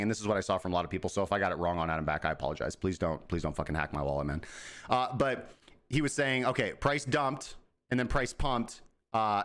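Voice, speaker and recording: A man's voice: lowish voice, fairly bright tone. Guy rambling about crypto charts, swears a lot, pokes fun at himself. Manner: profane, rambling, self-mocking. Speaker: crypto trading show host. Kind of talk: casual market commentary.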